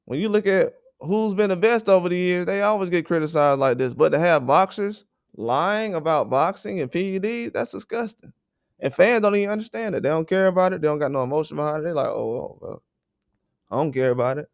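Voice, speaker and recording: A man's voice: sits high, fairly quick, clean tone, no echo, studio quality. Blunt, profane man ranting on a livestream. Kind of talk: heated livestream rant.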